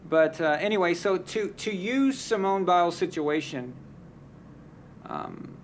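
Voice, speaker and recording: A man's voice: high voice, unhurried, a little hiss or hum. A man hosting a casual live sports talk stream, giving blunt, heated opinions and often restarting his sentences. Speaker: sports talk show host.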